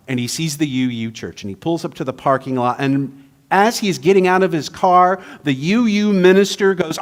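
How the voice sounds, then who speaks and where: A man's voice: fairly high pitch, animated, normal speed, fairly bright tone. A man giving a humorous sermon, telling jokes in a playful, storytelling manner. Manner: playful, joke-telling, then reflective.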